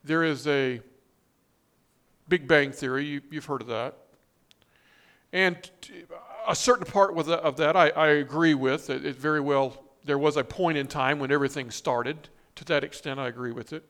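A male pastor reads scripture and quotes during his sermon, stressing words emphatically with a rising pitch and restarting often. His voice is fairly high and a bit bright, at a normal speed.

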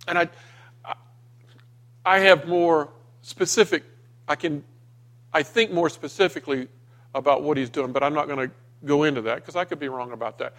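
A man's voice: fairly even intonation, normal speed, pauses often, a bit bright. A middle-aged man preaching a sermon, telling a personal story with rising emotion and raised, pleading tones in the retold scenes. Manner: storytelling, emotional, rising in pitch when voicing himself in the dream. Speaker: pastor.

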